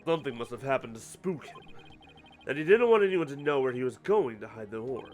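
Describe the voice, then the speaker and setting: A performer voicing an earnest young male lawyer in a fan voice-over of a story game, quick to get flustered. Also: medium pitch, lively intonation, darkish tone, pitched below the performer's own voice, natural voice.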